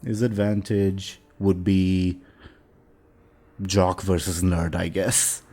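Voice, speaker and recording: A man running a tabletop role-playing game as game master, talking in a relaxed way with hesitant fillers. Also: deep voice, slow, a little hiss or hum.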